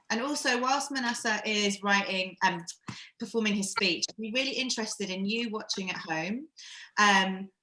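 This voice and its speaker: A woman leads a live-streamed acting workshop, coaching in a chatty, encouraging way. Her voice is bright and forward. She sounds echoey, as if on a video call from a bare room. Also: medium pitch.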